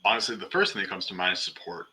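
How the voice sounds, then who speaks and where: Low-voiced guy from western new york, super bright sharp tone, earnest and jokes about himself. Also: big pitch swings, very fast, low-quality recording. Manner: earnest, self-deprecating, humorous. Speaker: podcast co-host. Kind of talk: casual faith-based chat.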